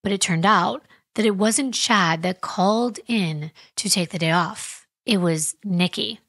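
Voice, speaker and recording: A woman's voice: medium pitch, measured pace, fairly bright tone, husky, no echo, clean studio sound. A woman hosting a true crime podcast, retelling a case in a conversational, emphatic way with wry asides. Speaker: podcast host.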